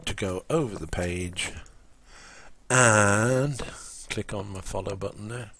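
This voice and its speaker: A man's voice: lowish voice, takes it slowly, bright, forceful tone. A man chatting casually and rambling while he plays a game on a live stream. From England. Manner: rambling, full of ums and restarts.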